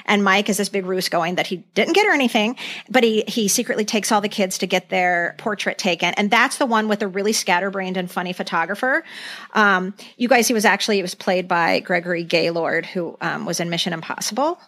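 A middle-aged woman co-hosting a podcast, telling stories in a casual, animated way. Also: mid-range voice, a little fast. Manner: animated storyteller, acts out lines. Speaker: podcast co-host. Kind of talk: casual chat.

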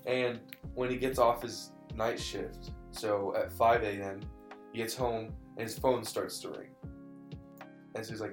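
Young guy telling a creepy story, low-ish voice, keeps fumbling and restarting, roomy echo and faint guitar behind. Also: steady tone, unhurried. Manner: rambling, restarts and apologizes, says dude and bro. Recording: echoey room, faint guitar music.

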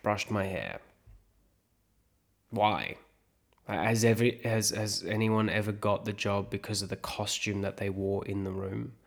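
A man's voice: fairly low pitch, fairly even intonation, unhurried, gravelly. A man from South Africa, an actor and podcast host, thinking aloud in a reflective monologue and talking himself through his own questions.

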